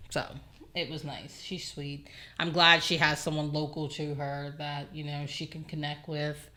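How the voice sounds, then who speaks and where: A young woman with a low-pitched voice chats casually as a podcast co-host. She is animated and swears freely. She acts out little exchanges with her toddler. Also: measured pace. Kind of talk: casual chat, reading listener comments.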